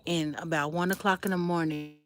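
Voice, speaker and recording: A woman's voice: fairly low pitch, steady tone, a little fast, a bit bright. A woman livestreaming outdoors by a fire on a cold night, chatting straight to her viewers and telling a personal story. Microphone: phone livestream.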